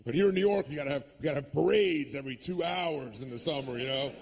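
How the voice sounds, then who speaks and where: Man, stand-up comic, high voice, gravelly edges, sarcastic ranting delivery. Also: fast, a little hiss or hum. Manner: sarcastic, ranting, acts out quoted people; profane. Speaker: stand-up comedian. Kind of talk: stand-up comedy set.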